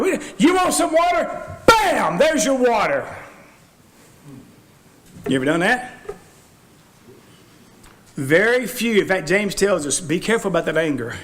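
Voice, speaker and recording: A man preaches in a church with a notably high voice. His delivery is folksy and animated, and he slips into quoted voices to act out the people he talks about. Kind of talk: sermon.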